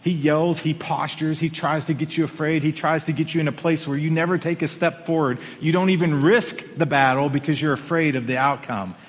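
Pastor guy preaching sunday morning, bit high voice, big church reverb, gets worked up telling the story. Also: fairly quick, hardly any pauses. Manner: animated storytelling with emphatic rises. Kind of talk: sermon. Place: church sanctuary on a riser. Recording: long hall reverb.

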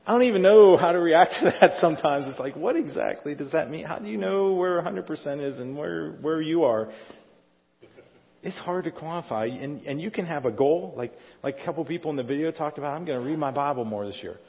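A middle-aged pastor with a fairly high, gravelly voice preaches in an animated, slightly fast way. His sermon is conversational, with frequent questions to the congregation, and the audio from the reverberant sanctuary sounds dull.

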